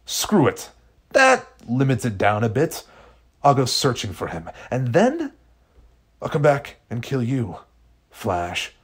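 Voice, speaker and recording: A man's voice: lowish voice, expressive, measured pace, creaky, pauses often, breathy edge, full character voice. A man reading the lines of a menacing, vengeful male speedster villain in a fan fiction story, speaking sternly. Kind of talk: fan fiction read aloud.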